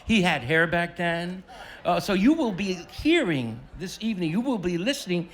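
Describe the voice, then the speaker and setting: On a festival stage, a man emcees his band, using the stage mic to joke around and tease the audience. His voice sits high and sounds animated, at a normal speed.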